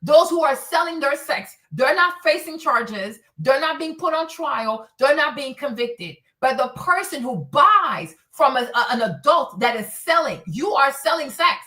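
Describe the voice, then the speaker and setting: High-voiced woman ranting heatedly. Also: animated, unhurried, hardly any pauses, bright, forceful tone. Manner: indignant, swears a lot, repeats phrases. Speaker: host of a streaming commentary show. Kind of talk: heated commentary rant. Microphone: streaming setup mic.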